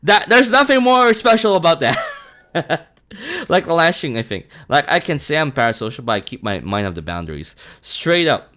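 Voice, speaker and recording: A man from the Philippines, chatting casually on a live stream, animated and laughing often, swearing and saying bro a lot. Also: on the high side, normal speed.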